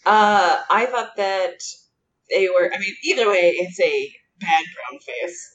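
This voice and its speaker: A woman's voice: mid-range voice, takes it slowly, dull audio, a little hiss or hum. A woman co-hosting a casual podcast, speaking hesitantly and filling her thoughts with "like" and "um". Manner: hesitant, heavy use of "like" and "um". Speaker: podcast co-host. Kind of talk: casual chat.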